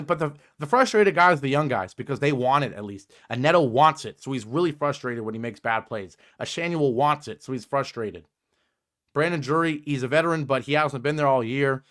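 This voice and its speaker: A man's voice: mid-range voice, a little fast, fairly bright tone. A young man hosting a sports podcast, reading out viewer comments and ranting in frustration, his voice climbing when he gets worked up. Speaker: podcast host.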